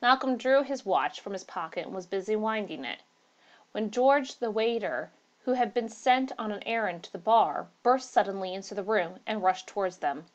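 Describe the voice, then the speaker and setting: A woman narrating a classic story in a plain, steady reading voice. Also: medium pitch, normal speed, muffled recording.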